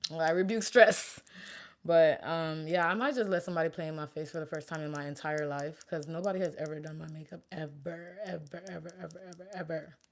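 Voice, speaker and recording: Low-voiced chatty young woman vlogger. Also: a little fast. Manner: chatty, animated, talks to viewers and chat. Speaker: beauty vlogger and makeup artist. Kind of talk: casual chat while doing makeup.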